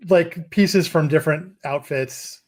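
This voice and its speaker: Man, tabletop player, playful, slightly high voice. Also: a little slow, crowd noise. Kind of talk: casual game chat.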